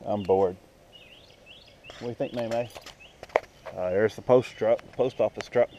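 A man's voice: mid-range voice, normal speed, warm tone, muffled recording, slight background noise. A man vlogging outdoors by a lake, chatting casually and talking to his dogs in baby talk. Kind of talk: casual vlog narration.

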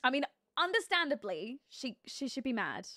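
A woman streaming a life-sim game live, chatting casually and thinking aloud, with sudden excited outbursts. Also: high-pitched, normal speed, no echo, studio quality. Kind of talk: live gameplay commentary.

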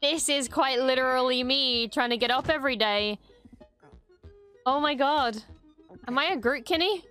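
A young woman hosting a reaction video, chatting casually and gushing, squealing high when something is cute. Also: normal speed, pauses often, a bit bright, smooth, faint music behind. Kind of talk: excited casual reaction commentary.

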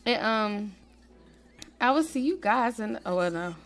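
A woman hosting a casual let's-play, chatting straight to her viewers and swinging between quiet murmuring and excited squeals. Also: on the high side, a little slow. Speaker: gaming channel host.

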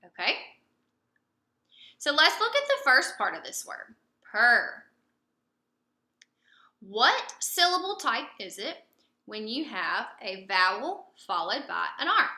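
Slow, bright-voiced woman teacher. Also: a little high, sing-song. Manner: patient, prompting and praising pupils with pauses. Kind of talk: recorded phonics lesson for young students. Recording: roomy echo.

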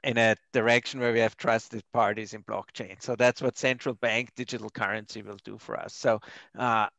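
A man who is a finance professor, explaining on a panel in a measured way with many pauses and fillers. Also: lowish voice, steady tone, gravelly, fairly bright tone, no room sound. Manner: measured, hesitant, many uhs. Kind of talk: panel discussion.

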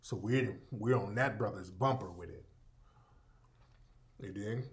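A man's voice: on the low side, slow pace. A man hosting a live broadcast in a loose, conversational way. He repeats his points and talks straight to his listeners, calling them family. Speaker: radio show host. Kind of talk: casual live broadcast talk.

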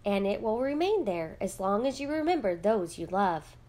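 A woman's voice: medium pitch, very animated, moderate pace, a little mellow, natural voice. A tender, loving mother, read by a woman. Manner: tender and soothing.

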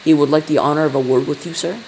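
A man's voice: on the high side, fairly even intonation, fast, gravelly, a little mellow, slight background noise, poor audio. A man voicing an eager, gushing male astronaut reporting in a storybook reading.

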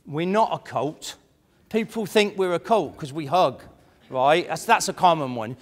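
A man giving a lively motivational seminar talk to an audience, chatty and full of mimicked voices. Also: a little high, unhurried. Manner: animated, conversational, mimics imagined voices. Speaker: motivational speaker. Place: large room before an audience. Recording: echoey hall.

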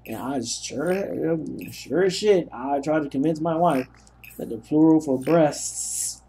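A man's voice: a little high, measured pace, warm tone. A young man narrating a gameplay session, telling rambling, self-mocking stories as he plays. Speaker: gaming commentator. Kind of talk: let's play commentary.

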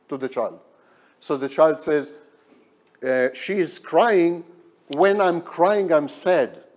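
A man's voice: on the high side, a little mellow. A man lecturing at a hospital, emphatic and repeating key words for effect. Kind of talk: academic lecture.

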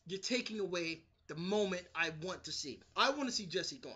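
Casual New male reviewer, high and bright, excitable and profane. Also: brisk, hardly any pauses, husky. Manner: animated, swears freely, acts out quotes. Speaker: TV episode reviewer. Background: street construction noise.

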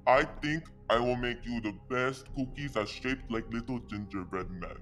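A man contestant in casual chat, hesitant and halting, with dramatic outbursts. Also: mid-range voice, a bit bright, faint music behind.

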